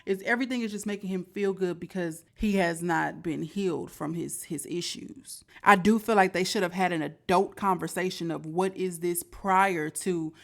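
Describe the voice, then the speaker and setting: A woman's voice: lowish voice, moderate pace, creaky, hardly any pauses. A woman hosting a reaction show talks casually through her take on a story. She keeps turning to her viewers with questions in an easy, chatty manner. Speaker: reaction host.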